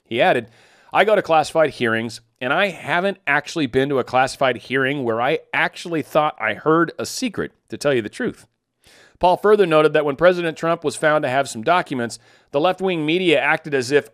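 A man's voice: fairly high pitch, lively intonation, a little fast, a bit bright, dry recording, studio quality. A man hosting casual news commentary, reading stories and tossing in sarcastic asides, stumbling over foreign names. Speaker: political commentary host.

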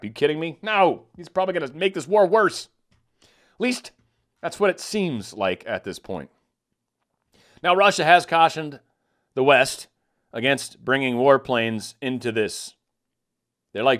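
A man's voice: mid-range voice, lively intonation, a little slow, pauses often, fairly bright tone. Sarcastic ranting male commentator. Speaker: political commentator. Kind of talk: casual commentary.

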